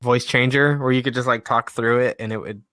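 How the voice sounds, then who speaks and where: A man's voice: mid-range voice, steady tone, brisk, pushed and bright. A man co-hosting a podcast in casual chat, laid-back and dry with small chuckles. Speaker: podcast co-host.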